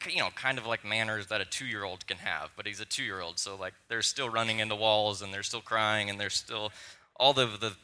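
A young man preaching a sermon in a church, conversational and warm-humored, mixing personal stories into his teaching. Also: medium pitch, smooth. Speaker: pastor. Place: church sanctuary.

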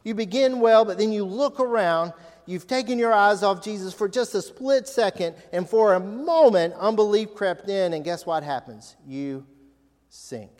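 A male pastor preaching an animated sermon, asking the congregation questions. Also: high-pitched, normal speed. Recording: long reverb of a large hall.

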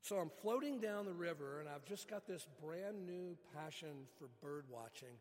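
A middle-aged man preaching, telling a folksy personal story in an animated way. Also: a little high, moderate pace, long reverb tail. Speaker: pastor.

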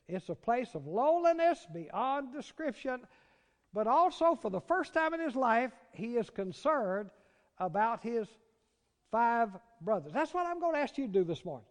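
A man with a Southern American accent preaching a sermon, dropping to hushed, drawn-out words and rising to loud, urgent cries. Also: high voice. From Southern United States. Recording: long reverb of a large hall.

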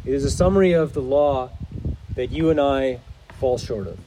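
A man's voice: mid-range voice, moderate pace, noisy background. A man preaching a sermon as pastor, in an earnest, explanatory manner.

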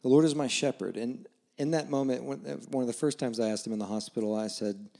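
This guest preacher, a man in his forties, keeps a brisk, steady tone while telling a personal story in his conversational sermon, though he goes low and soft for scripture quotes.

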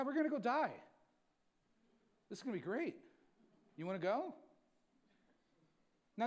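A man preaching a sermon as pastor, folksy and emphatic, dropping low and quiet, then rising loud.

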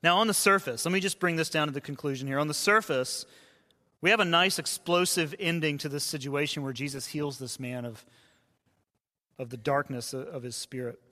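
A pastor with a slightly high voice preaches conversationally, dropping into hushed tones whenever he quotes someone. His sermon carries a long hall reverb.

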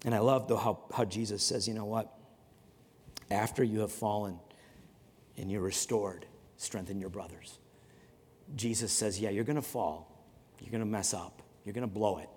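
A man's voice: lowish voice, fairly even intonation, normal speed, long pauses, a little mellow, slight background noise. A man preaching a sermon in a conversational way, often repeating words and acting out stories. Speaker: pastor. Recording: long hall reverb.

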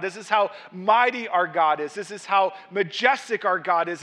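A man delivers an expository sermon. His voice sits high and sounds bright and forceful. He reads scripture aloud and builds emphasis as he explains it. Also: moderate pace, few pauses. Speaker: pastor.

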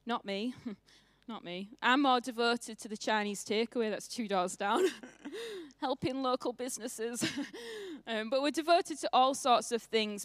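A young woman with a northern English accent preaches in church, chatty and quick to poke fun at herself. Her voice is dry and close, with little room sound, and her pitch sits in an ordinary middle range. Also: clear, resonant tone, dry recording. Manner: chatty and self-mocking, laughing often. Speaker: pastor. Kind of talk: sermon.

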